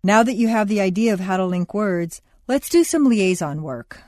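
A woman instructor reading scripted exercise instructions for an accent course in a clear, measured way. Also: medium pitch, lively intonation, darkish tone, no echo, studio quality. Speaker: pronunciation instructor.

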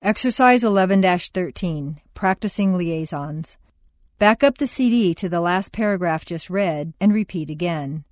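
A woman instructor reading scripted exercise instructions for an accent course in a clear, measured way. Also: lowish voice, animated, a little mellow, no room sound, studio quality. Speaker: pronunciation instructor.

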